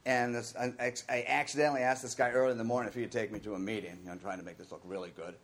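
A man's voice: medium pitch, level tone, racing. A middle-aged man telling his own recovery story in a candid, rambling way, sometimes acting out the voices of the people he quotes. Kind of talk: personal recovery talk.

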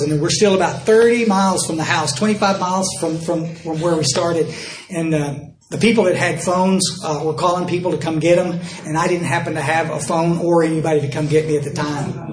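A man's voice: fairly high pitch, steady tone, fairly quick, reverberant, a little hiss or hum. An older man from Texas, telling folksy, self-mocking stories at a recovery dinner talk and acting out both sides of each exchange. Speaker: recovery speaker. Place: dinner event hall.

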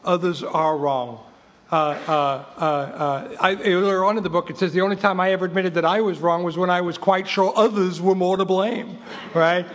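Heard in a large hall, a high-voiced Englishman in his fifties delivers a recovery talk at normal speed with fairly even intonation. He reads from a book, emphatic and repetitive, with touches of wry humor.

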